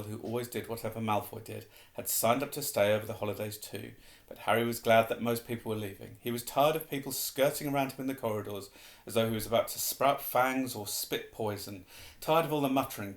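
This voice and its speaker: A man reading a novel aloud as an audiobook, steady and unhurried. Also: medium pitch. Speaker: reader. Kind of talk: audiobook narration. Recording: roomy echo.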